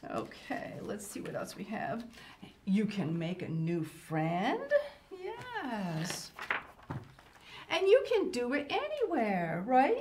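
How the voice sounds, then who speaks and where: An older woman reads a picture book to children with a high voice that swoops up and down. She talks in a fussy, grandmotherly way and breaks in often with little exclamations. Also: a little mellow, a little hiss or hum. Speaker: children's show host.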